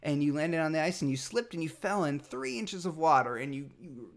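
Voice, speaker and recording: A father speaking a heartfelt message to his toddler son, tender and halting, with many pauses and fillers, sometimes dropping almost to a whisper. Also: a little high.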